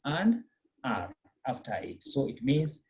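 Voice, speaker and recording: A language teacher drilling pronunciation in class, with a voice that swings up and down a lot. The pitch sits in a middle register, and the teacher keeps firing questions and confirming with short check-ins. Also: wildly swooping pitch, slow, a little mellow, slight background noise. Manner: quizzing, checks in with "okay?" and "eh?"; repeats and drills words patiently.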